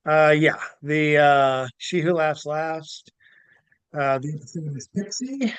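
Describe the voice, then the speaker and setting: A man hosting a casual podcast, animated, laughing easily and stumbling over words as he chats and reads aloud. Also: fairly high pitch, takes it slowly, clear, resonant tone, no room sound. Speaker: podcast host. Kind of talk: casual chat and reading aloud.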